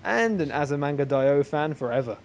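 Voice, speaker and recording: A man hosting a casual group podcast, rambling and joking between quick asides. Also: a little high, expressive, highs cut off. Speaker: podcast host.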